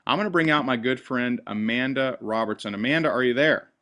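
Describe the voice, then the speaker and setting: A man makes an energetic sales pitch in a voice of ordinary pitch. He keeps it upbeat and salesy, pressing his points as he hosts. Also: fairly quick. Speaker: host. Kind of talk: sales presentation on a call.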